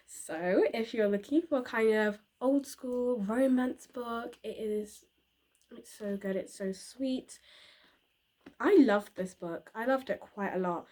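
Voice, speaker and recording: A woman's voice: fairly high pitch, unhurried. A young woman chatting casually about books for her channel, rambling with fillers and little laughs. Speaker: book reviewer. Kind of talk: casual book review vlog.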